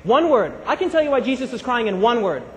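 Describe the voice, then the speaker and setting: A man with a very high voice delivers an animated sermon and calls on the congregation to answer back. He is recorded in a large hall with a long, trailing reverb. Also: fast. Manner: animated, call-and-response with congregation. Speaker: preacher. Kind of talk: live sermon.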